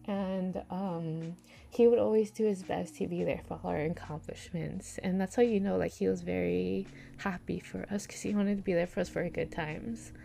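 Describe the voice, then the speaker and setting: A woman's voice: fairly low pitch, steady tone, normal speed, gravelly, mellow. A young woman livestreamer talking casually and rambling with lots of fillers, greeting chat, at times close to tears. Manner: rambling, filler-heavy, reads chat aloud. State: near tears.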